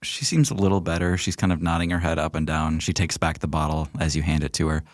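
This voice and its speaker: A man narrating as game master in a relaxed, loose way. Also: extremely low pitch, fast talker, no echo, studio quality.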